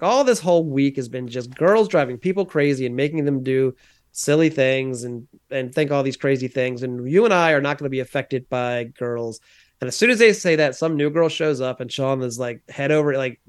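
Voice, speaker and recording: A man co-hosting a podcast, casually recapping a sitcom episode with fillers and quick quoted lines. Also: mid-range voice, smooth. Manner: recounts scenes with quick acted-out quotes, many fillers. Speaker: podcast co-host.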